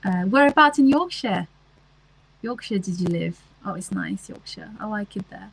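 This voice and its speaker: A woman's voice: medium pitch, huge pitch swings, normal speed, breathy edge, low-quality recording. A woman, chatting casually on a livestream and answering comments, with lots of ums and restarts. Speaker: livestream host.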